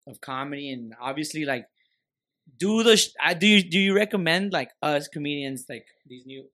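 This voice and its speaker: A male podcast host tells rambling stories full of slang and swearing. His voice sits somewhat high and sounds bright and forceful. He is recorded on a studio mic. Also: animated, normal speed. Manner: rambling, slangy, profane storytelling. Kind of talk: casual podcast chat.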